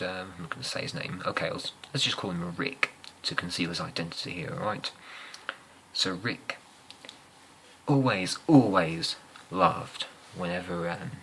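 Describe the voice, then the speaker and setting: A young man with an English accent telling rambling, amused school stories in a soft-spoken ASMR style, often slipping into whispers and hesitating with fillers. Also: deep voice, a little hiss or hum, poor audio. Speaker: ASMR storyteller.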